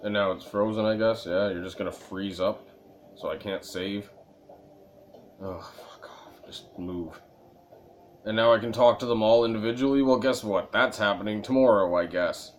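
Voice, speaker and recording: A man playing a video game and reading its dialogue aloud, with a sore throat from reading, and sometimes breaking into loud, exasperated rants. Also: on the low side, brisk, slight background noise. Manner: reads flatly, then bursts into loud exasperated ranting. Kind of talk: let's play narration, reading text aloud.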